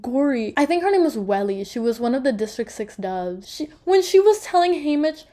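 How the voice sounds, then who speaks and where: A young woman chats about a novel she just finished, her voice sitting a little high. She talks in an animated, gushing way and scatters filler words through her sentences. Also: a little fast. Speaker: book reviewer. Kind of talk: casual book review chat.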